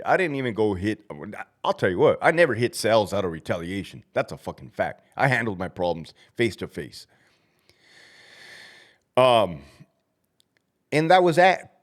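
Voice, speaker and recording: A blunt, swearing man in his thirties tells prison stories in a casual monologue. His voice sits low but leaps up and down with animation, and he laughs at his own mishaps. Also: big pitch swings, normal speed. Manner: profane, blunt, laughs at himself, acts out shouted commands. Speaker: former prison officer telling stories.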